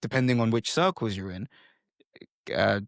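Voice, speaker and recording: A man's voice: fairly low pitch, lively intonation, normal speed, creaky, no echo, clean studio sound. A man hosting a podcast interview, asking questions in a hesitant way, searching for his words. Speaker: podcast host.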